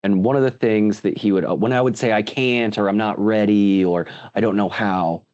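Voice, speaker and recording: A man's voice: lowish voice, fairly even intonation, normal speed, a little mellow, muffled recording. A man speaking as a guest in a casual interview, earnest and full of restarts. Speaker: podcast guest, author.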